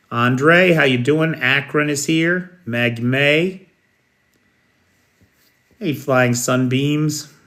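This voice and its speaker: A man's voice: mid-range voice, a bit bright. An American man hosting a live news show, talking casually, greeting viewers by name and commenting on the day's events. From United States.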